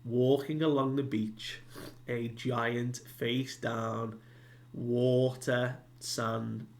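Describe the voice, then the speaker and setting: A man's voice: medium pitch, vocal fry. A man giving a casual recap of a comic chapter, retelling it loosely with many fillers and asides. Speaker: manga reviewer.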